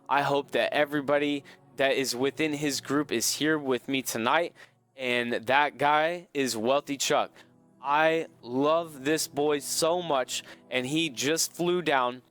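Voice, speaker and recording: A man's voice: a little high, fairly bright tone, clean tone. A man hosting a live trading stream, talking in an earnest, motivational way and often repeating himself. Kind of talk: casual live-stream talk.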